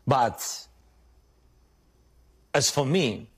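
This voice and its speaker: Slow, halting man in an interview. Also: medium pitch, expressive, fairly bright tone, breathy edge. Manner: halting, repetitive non-native English. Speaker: interviewed national leader. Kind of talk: interview answer played from a news clip.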